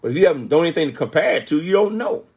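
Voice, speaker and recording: A man's voice: a little high, big pitch swings, rapid-fire, a little mellow, breathy edge. An older man giving an emphatic motivational talk, asking rhetorical questions and answering them himself, with frequent "Okay?" checks. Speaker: motivational speaker.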